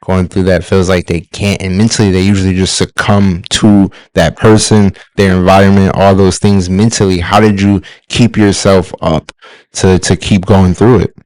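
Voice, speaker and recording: A man's voice: low-pitched, flat delivery, moderate pace, darkish tone, no echo, rough recording. A man hosting an interview, asking earnest questions and giving brief supportive affirmations. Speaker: podcast host.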